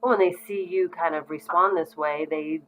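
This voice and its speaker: Middle-aged woman, low pitch, casual parenting educator, relaxed and conversational. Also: normal speed, a little hiss or hum, low-quality recording. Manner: frequent ums, conversational and reassuring. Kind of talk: casual instructional talk to parents.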